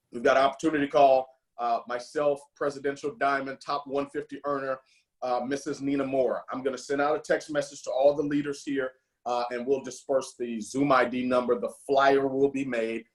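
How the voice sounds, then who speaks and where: A man leading a team video call, rambling with many fillers and restarts, and turning fervent and emotional. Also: medium pitch. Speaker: team leader hosting a call. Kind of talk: motivational call talk.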